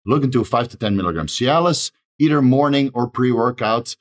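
On his own channel, a man gives a fast solo advice monologue in a medium-pitched voice, rattling off lists of dosages and often ending lines with "right?".

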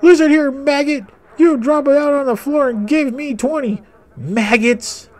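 A man doing a shrill barking drill sergeant. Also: fairly even intonation, a little slow, darkish tone. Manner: barking insults and threats. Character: loud bullying male drill sergeant.

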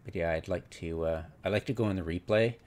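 A man casually commenting on a game replay, rambling and retelling his own reactions, with sudden excited exclamations. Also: sits low, fast. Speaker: gameplay commentator.

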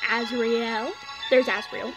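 High-voiced young woman backseat gaming. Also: fairly even intonation, takes it slowly, rough recording. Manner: backseat gamer, calls out moves. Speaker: co-host friend. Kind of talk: casual gameplay chat. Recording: music playing behind.

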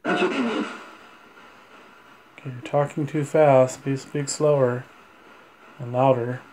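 A man with a middle-pitched voice holds a ghost-hunting session, calling out to spirits. He asks his questions slowly and patiently, almost pleading. Faint noise hangs behind him. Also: steady tone, a little mellow, poor audio. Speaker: paranormal investigator.

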